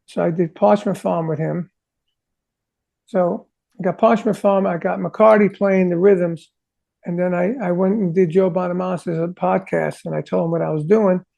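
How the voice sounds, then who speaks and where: A man with a high, deeply gravelly voice recounts studio stories to an interviewer. His tone is dark and mellow, and he tells things in an animated way, acting out what people said to him. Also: moderate pace. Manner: animated, sings drum parts vocally; acts out quoted conversations. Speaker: rock drummer, interview guest. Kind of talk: casual storytelling interview.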